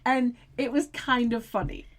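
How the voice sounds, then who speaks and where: A woman's voice: a little high, measured pace. A woman co-hosting a podcast, chatting casually while recapping a TV episode, with lots of "like" fillers. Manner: animated, frequent "like" fillers. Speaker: podcast co-host.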